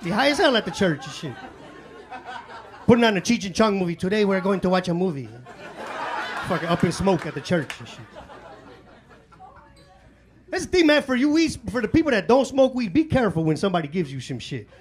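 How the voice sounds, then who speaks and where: A stand-up comedian performs live at a comedy club, his high voice sing-song and quick as he spins profane, loose stories in street slang and impersonates himself and others. Some chatter and room noise come through behind him.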